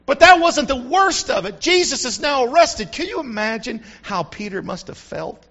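Bright-voiced preacher, dull lo-fi. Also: male voice, very high voice, normal speed. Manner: animated storytelling, swings between loud and hushed. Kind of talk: sermon. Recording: dull lo-fi recording.

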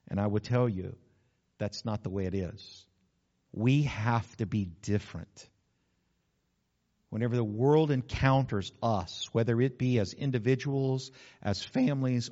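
A man, a pastor, preaching a sermon in an earnest way, slowing down to stress key words. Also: on the low side, warm tone. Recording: slightly dull lo-fi sound.

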